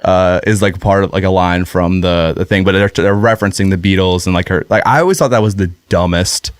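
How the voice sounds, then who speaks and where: A man co-hosting a podcast, chatting loosely and circling his point with many fillers and restarts. His voice sits low, and the recording is close and dry. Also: fairly even intonation, fairly quick, clear, resonant tone, no room sound. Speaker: podcast co-host. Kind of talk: casual chat.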